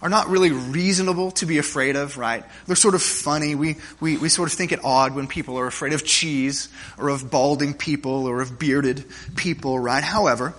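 A man's voice: on the high side, normal speed, hardly any pauses, fairly bright tone. A man preaching a sermon to his congregation, conversational and joking, often checking in with "right?" and restarting his phrases. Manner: humorous stories, frequent restarts. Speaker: pastor.

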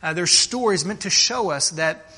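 A man preaching a sermon to his congregation, earnest and direct, often restarting phrases and slowing down to stress key words. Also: high-pitched, lively intonation, bright, forceful tone, slightly rough. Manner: earnest, with frequent restarts and slowed emphasis. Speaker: pastor.

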